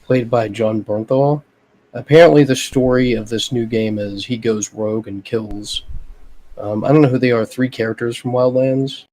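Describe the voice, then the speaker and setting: A man co-hosting a casual gaming podcast, giving relaxed opinions full of fillers. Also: medium pitch, normal speed, low-quality recording. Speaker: podcast co-host.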